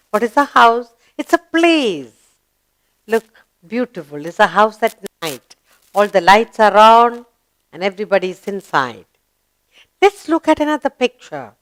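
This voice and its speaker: With a medium pitch and a somewhat bright tone, an Indian woman walks young kids slowly through grammar. Her delivery is singsong and warm, and she answers her own questions.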